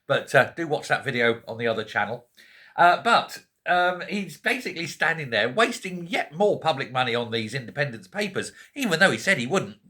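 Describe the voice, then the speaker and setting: A Scottish man in a quiet home, chatting casually to camera about politics with joking asides and frequent self-corrections. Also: mid-range voice, lively intonation, fairly quick. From Scotland. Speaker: political vlogger. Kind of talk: casual rambling commentary to camera.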